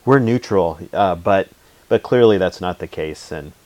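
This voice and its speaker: Deep-voiced American man interviewing. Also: a little slow, a crowd in the background. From Oregon, United States. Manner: relaxed, affirming, asks follow-up questions. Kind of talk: casual conversation.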